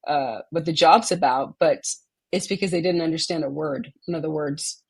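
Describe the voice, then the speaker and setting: A woman from Texas, a podcast guest, talking in a halting way with many pauses and restarts. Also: sits low, gravelly, husky. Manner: halting, many ums and restarts, laughs often. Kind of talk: casual interview chat.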